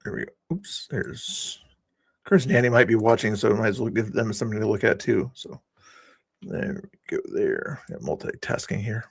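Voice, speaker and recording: A man's voice: lowish voice, lively intonation, normal speed, creaky, husky, dry recording, clean studio sound. A man hosting a casual livestream, rambling and teasing his guests and chat with sarcastic inflection. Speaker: livestream host.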